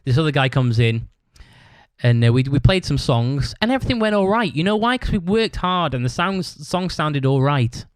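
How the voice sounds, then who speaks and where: Swearing bloke telling a story. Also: male voice, a little high, lively intonation, normal speed, clean tone, dry recording. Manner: swears constantly, rambling; acts out other people's shouted lines. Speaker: podcast host. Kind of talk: casual storytelling monologue.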